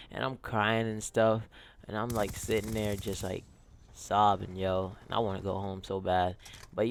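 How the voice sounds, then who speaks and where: A man's voice: on the low side, gravelly, slight background noise. A young man telling a casual storytime on his gaming channel, rambling and slangy with lots of "like" and "yo".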